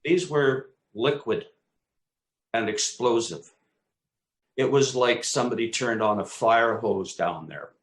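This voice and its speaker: A man's voice: mid-range voice, takes it slowly, long pauses. A man, co-host of a talk show, casually telling a vivid personal story, acting out his own exclamations and swearing freely. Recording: echoey room.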